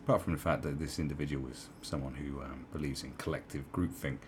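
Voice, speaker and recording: With a faint hiss underneath, the recording catches a very low-voiced man rambling through sarcastic opinions at a quick pace. His intonation stays fairly even as he circles back through fillers and asides.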